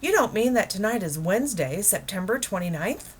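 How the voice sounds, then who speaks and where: Woman reading as a dreamy, wonder-struck middle-aged man, storybook voice, a little higher and livelier than her narration. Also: very animated, a little fast, slight background noise, close to an everyday voice. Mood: excited. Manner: enthusiastic, wondering. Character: eager dreamy middle-aged house painter. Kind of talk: children's book read aloud.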